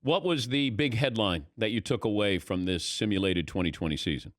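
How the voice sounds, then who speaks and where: A man's voice: lowish voice, brisk, a bit bright, no room sound. Talk host guy, jokey questions, laughs a lot, super dry mic sound. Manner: teasing, laughs easily. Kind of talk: casual interview chat.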